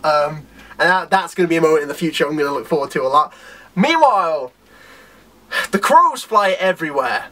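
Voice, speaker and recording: A man talking through a comic chapter review in a loose, rambling way. His pitch swings all over the place, and he keeps slipping into acted-out lines from the characters. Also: fairly bright tone. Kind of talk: casual video review.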